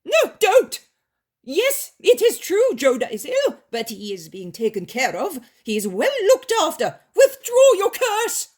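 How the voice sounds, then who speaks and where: A woman voicing a greedy, boastful rich male landowner with a squeaky, shrill voice. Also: sing-song, takes it slowly, breathy edge, full character voice. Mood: frantic. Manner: shrill, pleading and blustering.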